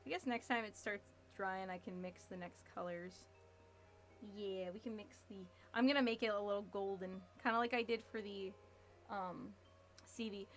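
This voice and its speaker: A woman's voice: mid-range voice, steady tone, moderate pace, faint music behind. A woman in her thirties chatting casually on a livestream while building a model kit, reading chat messages and laughing often. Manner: chatty, giggly, reads chat aloud.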